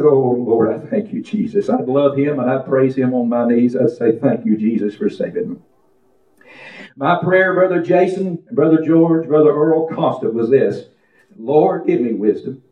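Preacher guy giving his testimony, prays out loud all fired up, folksy, echoey and tinny like over a phone. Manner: fervent, prays aloud with rising pitch, folksy storytelling. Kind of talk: testimony sermon. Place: church service.

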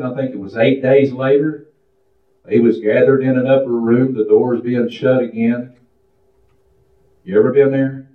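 A man preaching a sermon in a folksy style that builds into a fervent chant. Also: medium pitch. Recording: distant, echoey, muffled room recording.

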